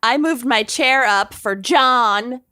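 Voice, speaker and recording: A woman's voice: a little high, takes it slowly, bright, forceful tone, no room sound. A woman co-hosting a casual true crime podcast, upbeat and chatty, reading intros and announcements. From Minnesota. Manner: upbeat, reads ads and intros. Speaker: podcast co-host.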